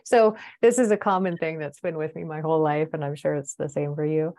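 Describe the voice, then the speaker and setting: A woman speaks in a notably low register as she hosts a podcast. Her delivery is emphatic and conversational, with frequent tag questions. The recording is dry and close, with no room sound. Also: steady tone, brisk, warm tone, dry recording. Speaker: podcast host.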